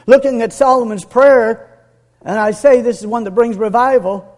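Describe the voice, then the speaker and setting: A man preaching a sermon with earnest conviction, dropping to a hush and building to emphatic peaks. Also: extremely high pitch, moderate pace.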